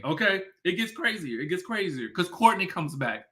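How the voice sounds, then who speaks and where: A man's voice: high voice, sing-song, normal speed, hardly any pauses, pushed and bright. A man recapping drama as a commentator, talking casually and animatedly, firing off rhetorical questions and saying "okay" a lot.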